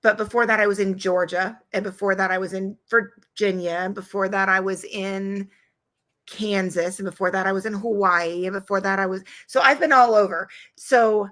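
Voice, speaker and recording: A woman with a Kentucky accent chats casually with a bright, crisp tone. She rambles and thinks out loud, piling up fillers and counting things off as she talks. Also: medium pitch, fairly even intonation, moderate pace. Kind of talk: casual live-stream chat.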